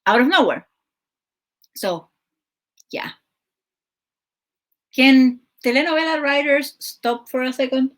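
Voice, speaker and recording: A woman's voice: high-pitched, expressive, slow pace, long pauses, fairly bright tone. A woman hosting her show, casually recapping a telenovela in a chatty, exasperated way with lots of fillers. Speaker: show host.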